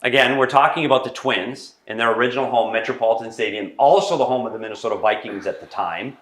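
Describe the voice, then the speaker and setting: A man's voice: medium pitch, fast talker. A middle-aged man hosting a playful trivia quiz, chatty and joking. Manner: playful, lively quizmaster. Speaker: host. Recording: roomy echo.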